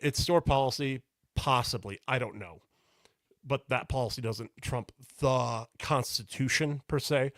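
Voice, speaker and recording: A man's voice: medium pitch, no echo, clean studio sound. Exasperated storytelling podcast co-host, man. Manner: animated storyteller, exasperated rants. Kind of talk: casual podcast chat.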